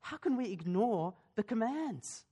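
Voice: medium pitch, sing-song, unhurried, mellow, slightly rough, highs cut off. A pastor preaching a sermon in a church, in a conversational way, asking the congregation questions and often restarting his sentences.

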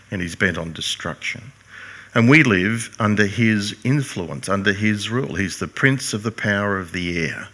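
A man's voice: on the low side, sharp tone. An older man preaching a sermon, earnest and emphatic, posing rhetorical questions to his congregation. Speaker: pastor.

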